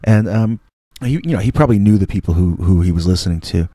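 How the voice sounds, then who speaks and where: A man's voice: low-pitched, fast talker, dark tone, no echo, studio quality. A middle-aged man telling a story from his youth in a casual, rambling way. He often mocks himself and restarts his sentences. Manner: rambling, self-mocking, many restarts. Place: indoors.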